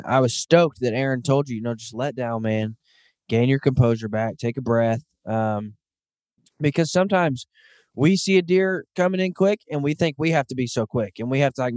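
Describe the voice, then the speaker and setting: A man's voice: mid-range voice, a little mellow, no echo, studio quality. A man in his thirties hosting a casual podcast, talking earnestly and enthusiastically with frequent "um"s. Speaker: podcast host. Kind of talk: casual hunting podcast chat.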